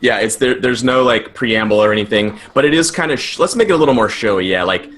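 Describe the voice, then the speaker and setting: A man's voice: mid-range voice, fast talker, fairly bright tone. A man playing a tabletop role-playing game, eagerly describing his character's actions. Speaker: player. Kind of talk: casual tabletop play.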